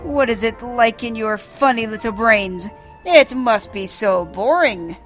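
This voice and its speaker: A haughty, condescending male inspector from a fantasy video game, read aloud by a woman. The voice sits fairly high and speaks in a slow, grand, measured way, with faint game music behind it. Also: animated.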